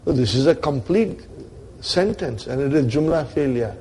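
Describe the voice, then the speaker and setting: A man's voice: mid-range voice, lively intonation, moderate pace, dark tone, husky. A man teaching a grammar class, explaining step by step with rhetorical questions and often checking that his students are following him. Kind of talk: classroom lecture.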